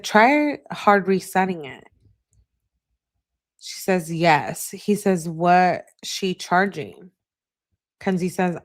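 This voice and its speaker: A woman with a lowish voice reads text messages aloud at an unhurried pace, adding brief asides between them. Her delivery is flat and casual, like a host going through screenshots for viewers.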